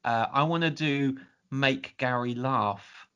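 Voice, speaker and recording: A man's voice: medium pitch, slow, a bit bright, clean tone, muffled recording. A man co-hosting a casual podcast, reading listener emails aloud and laughing often. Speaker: podcast co-host. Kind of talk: casual chat.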